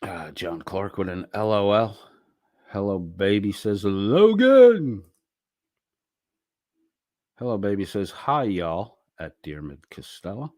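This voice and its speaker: A man's voice: sits low, measured pace, dry recording, studio quality. A man hosting a late-night livestream, reading chat messages aloud and responding in a blunt, profane, sarcastic way.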